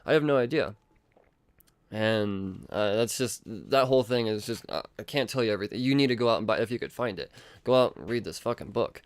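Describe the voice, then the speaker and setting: Profane, excitable man on a podcast. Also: on the low side, brisk, no echo. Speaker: podcast host. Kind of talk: casual comic book review.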